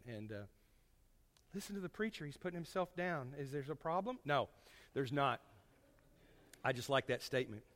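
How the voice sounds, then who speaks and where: A man preaching a sermon to his congregation, folksy and storytelling, swinging from loud to hushed. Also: a little high, big-room sound.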